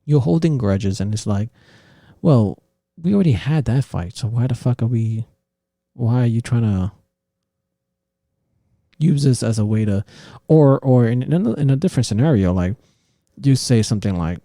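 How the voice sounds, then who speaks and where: A man's voice: mid-range voice, expressive, moderate pace, gravelly, pauses often, warm tone, no room sound, clean studio sound. A man hosting a podcast, ranting heatedly and profanely about relationships, mocking others in quoted voices. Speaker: podcast host. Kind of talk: casual opinion rant.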